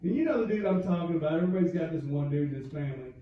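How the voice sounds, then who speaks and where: A middle-aged man from the South, performing a stand-up comedy set with punchy storytelling and quick comic voices. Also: fairly high pitch, lively intonation, distant mic. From American South. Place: comedy club stage. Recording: echoey club with crowd noise, lo-fi. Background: audience laughter.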